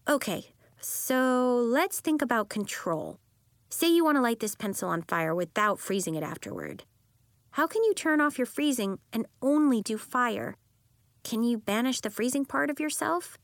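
A woman doing a high, eager young girl. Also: normal speed, creaky, dry recording, clean studio sound. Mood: coaxing. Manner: bright, insistent, excitable. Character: eager young girl who shifts into animals.

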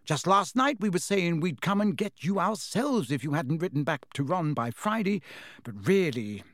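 A man's voice: fairly high pitch, very animated, normal speed. A man voicing a fussy, motherly woman who snaps out scoldings, reading a storybook. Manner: sharp, snapping scolds softening to fond.

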